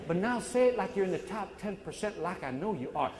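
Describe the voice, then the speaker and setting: A man's voice: sits high, quick pace, few pauses, noisy background. A man in his forties from Chicago, whose first language is not English, giving a live motivational speech with energy and quizzing his listeners as he talks. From Chicago, USA. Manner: energetic, quizzing the room, call-and-response. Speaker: motivational speaker. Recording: echoey hall with long reverb.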